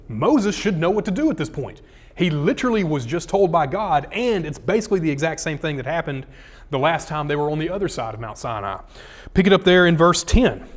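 A man preaching a casual, jokey sermon, acting out scripture quotes with dramatic swings in loudness and pitch. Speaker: pastor.

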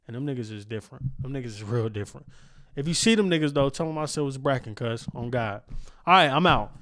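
A man's voice: medium pitch, lively intonation, quick pace, a bit bright. A young man hosting his own podcast from a home studio, rambling and swearing freely, laughing at himself. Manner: profane, rambling, self-mocking, laughs often. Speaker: podcast host. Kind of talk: casual solo podcast outro. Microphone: studio microphone.

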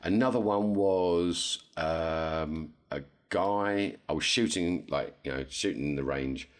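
A man co-hosting a podcast, telling an animated story in casual chat and jumping up in pitch when he quotes people. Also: takes it slowly. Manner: animated, jumps to high pitch when quoting others. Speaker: podcast co-host.

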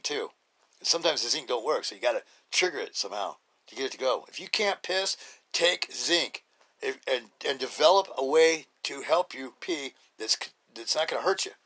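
A middle-aged man talks through his podcast in a loose, rambling monologue, blunt and full of fillers and restarts. His voice is bright and forceful, sitting at an ordinary pitch for a man. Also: expressive, normal speed, breathy edge. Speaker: podcast host. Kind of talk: casual monologue.

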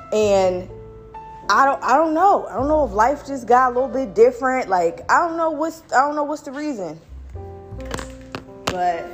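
A young adult woman, a mother, ranting casually to her viewers in an animated, slangy way, with lots of restarts. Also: on the high side. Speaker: mom vlogger.

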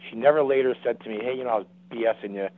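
An older man in his seventies, a guest, tells a story over a dry, tinny phone line in rapid-fire delivery. His voice is medium pitch. He rambles, repeats himself, restarts and acts out quotes in this casual storytelling.

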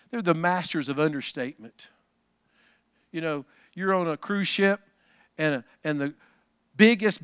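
A man preaching a sermon, folksy and talking to the congregation, swinging from low asides to shouted calls. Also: clean tone, no room sound, clean studio sound. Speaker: pastor.

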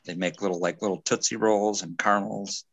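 A man's voice: lowish voice, steady tone, brisk, no room sound. A man hosting a casual podcast chat, rambling at length and getting technical about plant breeding. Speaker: podcast host.

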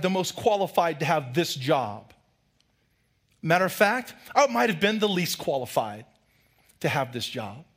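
A middle-aged man, a pastor, preaching a lively sermon with loud, humorous storytelling. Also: a little high, slightly rough.

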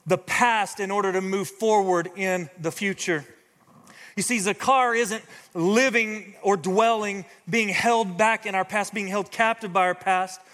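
A man delivering a sermon as pastor, speaking directly to the people in front of him. His voice sits high and sounds bright and forceful. A long hall reverb trails every phrase. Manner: lively preacher addressing the congregation directly.

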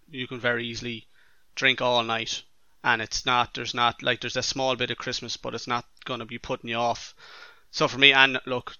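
A man's voice: medium pitch, bright, forceful tone, smooth, no echo, lo-fi sound. An Irish man on a beer podcast, enthusing casually about a pale ale. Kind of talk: casual chat.

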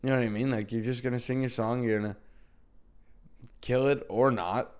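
A man's voice: mid-range voice, fairly even intonation, normal speed, a little mellow, smooth. A young adult man hosting his own podcast, talking casually and upbeat, often restarting and correcting himself. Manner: rambling, self-correcting, upbeat. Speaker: podcast host. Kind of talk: casual solo podcast talk.

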